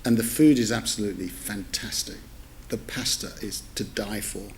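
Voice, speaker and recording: At a normal speed and fairly low pitch, a middle-aged newspaper editor tells a public lecture audience in a lecture theatre an amused, wandering anecdote. He's chatty, interrupts himself to correct details, and adds amused asides; slight background noise is present.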